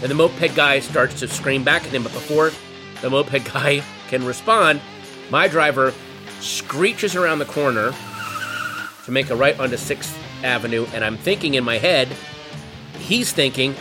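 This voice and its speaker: A man spins a comic anecdote with wry, animated delivery. His voice sits in a middle register. Guitar music plays clearly underneath. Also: medium pitch, unhurried. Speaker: storyteller. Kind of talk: comedic storytelling.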